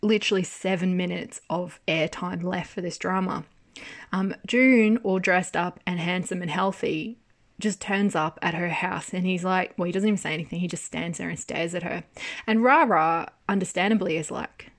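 A woman giving a casual spoken review of a TV drama, animated and exasperated, swearing freely and laughing often. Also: fairly low pitch, moderate pace.

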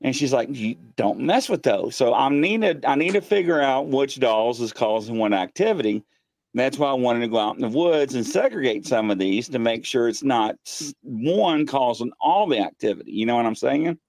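A man hosting a live paranormal show from his home studio, telling ghost stories excitedly and acting out what people said. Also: mid-range voice, moderate pace, gravelly, no room sound. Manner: excitable storyteller, acts out quotes. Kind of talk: casual live-stream chat. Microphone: desk mic.

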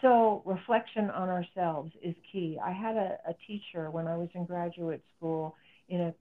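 A woman's voice: on the low side, steady tone, moderate pace. Therapist guest, middle-aged woman, earnest explanatory delivery, heard through a narrow phone-like line. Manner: earnest, explanatory, acts out quoted speech. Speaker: psychotherapist and author guest. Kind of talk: interview conversation.

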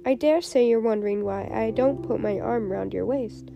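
A woman's voice: on the high side, normal speed, gravelly, lo-fi sound. A woman reading as a moralizing fawning duchess. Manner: sententious, agreeable. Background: background music.

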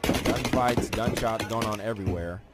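A man's voice: on the low side, normal speed, loud music behind the voice. A man giving casual political commentary, reading news aloud with indignant, rambling asides.

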